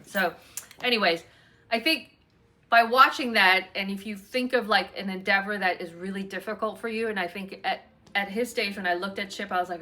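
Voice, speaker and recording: A woman's voice: mid-range voice, brisk, sharp tone. A woman hosting a casual chat at home, talking in a rambling, chatty way with many fillers. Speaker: host.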